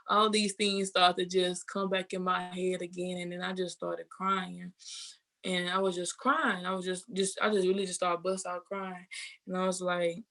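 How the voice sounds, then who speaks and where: A woman's voice: mid-range voice, a bit bright. A young woman, candidly telling her personal testimony in an interview, rambling with many fillers and quoted thoughts. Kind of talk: personal testimony, casual storytelling.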